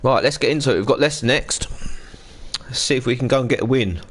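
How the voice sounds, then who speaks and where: A gaming livestreamer in his 30s talks fast in a mid-range voice while playing a football management game. He chats casually, greets viewers by name and reads the game text aloud.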